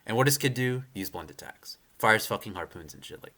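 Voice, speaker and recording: A man's voice: fairly low pitch, brisk. Rambling young man ranting about manga. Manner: rambling, heavy use of "like" and "you know", frequent restarts; animated and opinionated, swearing. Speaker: manga reaction streamer. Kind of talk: casual live reaction rant.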